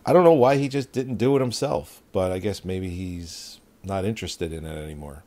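A man co-hosting a casual movie review chat in a relaxed, matter-of-fact way. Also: deep voice, normal speed. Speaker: podcast co-host.

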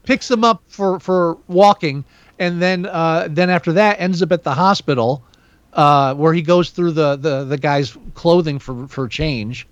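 A man co-hosting a podcast, reviewing a film in casual chat, rambling with many restarts and animated asides. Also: fairly high pitch, measured pace, no room sound. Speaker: podcast co-host. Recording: dull lo-fi dry sound.

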